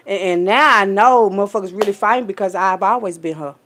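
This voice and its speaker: A woman, telling a story in a casual rant full of profanity and swinging between loud, high bursts and low, quiet asides. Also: brisk, a little hiss or hum. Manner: animated, profane, streetwise storytelling with big pitch jumps when quoting people. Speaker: vlogger.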